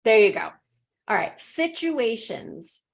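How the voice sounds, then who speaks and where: A woman runs an online pronunciation lesson, speaking at an unhurried, drawn-out pace. She is encouraging and spells out each sound carefully for her students. Her voice comes through a video call. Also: mid-range voice, animated. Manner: encouraging, models words slowly and deliberately. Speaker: English pronunciation teacher.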